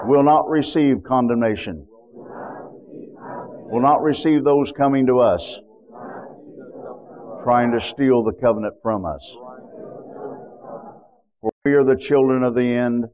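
A male preacher leads his congregation through a covenant prayer, phrase by phrase, for them to repeat. His pitch sits in an ordinary middle register, and he speaks in a steady, solemn sermon cadence. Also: muffled recording. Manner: leads repeat-after-me prayer, then shouts praise and speaks in tongues.

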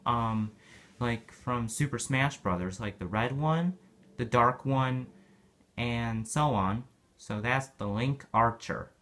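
A man casually narrating a toy unboxing, rambling and repeating himself as he goes. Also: mid-range voice.

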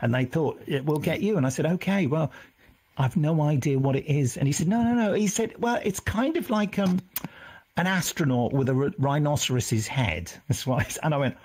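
A middle-aged man recalls his work as a voice actor. His delivery is animated and swoops around in pitch, and his voice has a slightly husky, higher-than-usual tone. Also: fairly quick. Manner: animated, acts out voices when quoting people. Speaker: voice actor guest. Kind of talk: anecdotal interview storytelling.

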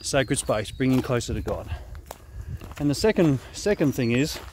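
A man's voice: medium pitch, normal speed. Australian man talking while walking. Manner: relaxed, conversational, often asks "right?". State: slightly short of breath from walking. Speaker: host and spiritual director. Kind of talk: walking vlog teaching prayer. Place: outdoors in bushland on a walking track. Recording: faint outdoor noise.

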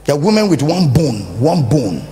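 A man preaching a sermon with a Nigerian English accent, animated and humorous, acting out little scenes for the congregation. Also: fairly high pitch, normal speed. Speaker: pastor. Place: church service.

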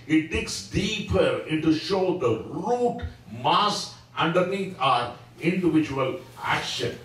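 A man teaching a Sabbath School lesson in a church, preaching slowly and emphatically with frequent fillers. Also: on the high side, a bit bright. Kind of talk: church Bible-study sermon. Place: church hall. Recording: echoey hall, mic at a distance.

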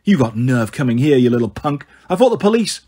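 A man's voice: mid-range voice, sing-song, fairly quick, dark tone, breathy edge. A man doing a growling, sneering bully stepfather. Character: boorish bullying middle-aged stepfather.

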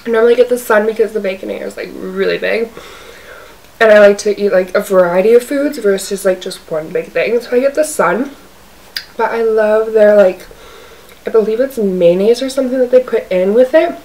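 A woman's voice: mid-range voice, brisk, a little mellow. A woman chatting casually while eating on camera in her apartment, talking in a loose, rambling way full of "like". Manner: chatty, fills speech with "like". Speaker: mukbang vlogger. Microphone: camera's own mic, zoomed out. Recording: distant camera mic, faint hiss.

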